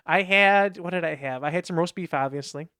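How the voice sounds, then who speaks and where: Rambling through anecdotes as he co-hosts a casual podcast, this man imitates other people's words in raised voices. His voice is a little high and sharp yet clean, and he talks fairly quickly. The studio recording is clean, with no room sound.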